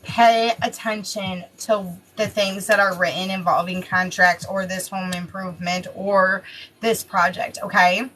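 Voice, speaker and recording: Excitable woman reading daily horoscopes. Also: medium pitch, unhurried, slight background noise, rough recording. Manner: excitable, exclaiming, chatty. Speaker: tarot reader giving daily horoscopes. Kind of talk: casual spoken horoscope reading.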